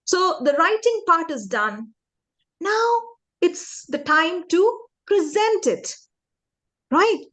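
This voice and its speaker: A woman's voice: very high-pitched, slow pace. A woman leading an interactive public speaking lesson for young students, asking the class questions and acting out her points. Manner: animated, demonstrative, asks the class questions.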